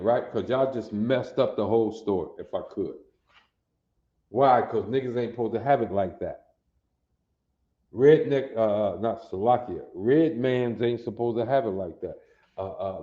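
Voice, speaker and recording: Teaching Hebrew phrases in a slow, repetitive way, this Detroit man uses street slang and call-and-response questions to make sure the class keeps up, speaking in Detroit African American Vernacular English. His voice is mid-range and mellow. The recording is lo-fi and dull, in an echoey room.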